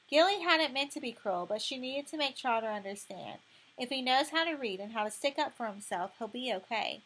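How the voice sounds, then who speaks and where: A woman narrating an audiobook in a measured, expressive storytelling way. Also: on the high side, poor audio.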